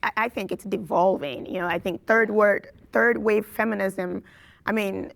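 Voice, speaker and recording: A woman's voice: mid-range voice, steady tone, moderate pace, vocal fry, fairly bright tone. A woman taking part in a group debate, cutting in to push back on the others. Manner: interrupts, argues point by point. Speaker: debate participant. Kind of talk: debate discussion.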